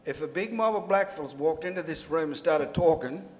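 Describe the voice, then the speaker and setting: A man's voice: on the high side, fairly quick, a little mellow. Emphatic Australian man in an echoing hall. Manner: emphatic, blunt, humorous storytelling. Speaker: panelist. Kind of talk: panel discussion. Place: lecture hall at a public forum. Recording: reverberant lecture hall.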